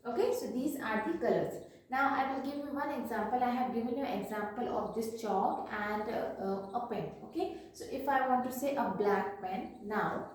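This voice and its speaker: A woman teaching a recorded lesson to children, slowly repeating each word twice. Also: on the high side, darkish tone. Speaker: French teacher. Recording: very echoey room, far from mic.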